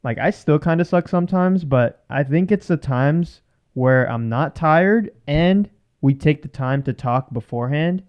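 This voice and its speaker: A man's voice: a little high, animated, a little slow, clear, resonant tone, muffled recording. A man in his twenties co-hosting a podcast in casual chat, laid-back, laughing often and leaning on "like.". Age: 20s. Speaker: podcast co-host.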